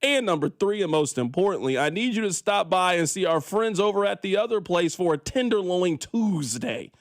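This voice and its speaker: A sports radio host with a high, lively man's voice. He rants in an animated, exasperated way. The sound is close and dry, straight from a studio mic. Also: normal speed, no room sound. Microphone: studio microphone.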